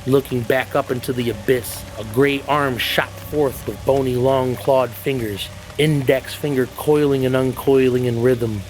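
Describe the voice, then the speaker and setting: A man reading a horror story aloud in a measured, ominous way. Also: medium pitch, fairly even intonation, a little mellow, rough recording. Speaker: narrator. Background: backing music.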